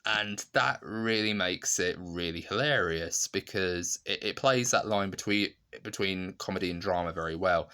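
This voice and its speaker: Deep-voiced man reviewing a sitcom. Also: bright, forceful tone. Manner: chatty, with frequent fillers and restarts, laughing while retelling scenes. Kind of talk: casual spoken review.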